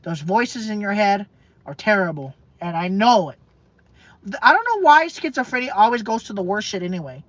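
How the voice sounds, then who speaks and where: A woman's voice: mid-range voice, very animated, no room sound. A woman vlogger in an emotional, emphatic rant to her camera, repeating herself, swearing and stumbling over fillers. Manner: emphatic, repetitive, profane, halting with fillers. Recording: dull lo-fi dry sound.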